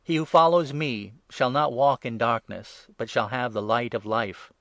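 A man reading the words of Jesus as a solemn male teacher in a measured way, louder and higher on key phrases. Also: steady tone, no echo, studio quality. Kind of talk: scripture reading.

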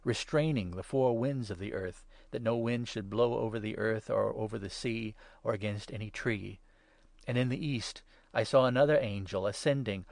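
A man's voice: fairly low pitch, no echo. Solemn man reading scripture aloud. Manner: measured, solemn reading that swells louder on proclamations. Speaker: scripture reader.

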